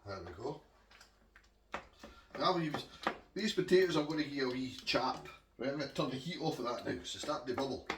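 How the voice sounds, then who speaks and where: A man's voice: mid-range voice, animated, brisk, echoey room, far from the mic, background noise. A Scottish man chatting homely to viewers while he cooks in his kitchen. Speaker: home cook vlogger. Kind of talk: casual cooking demonstration. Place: home kitchen.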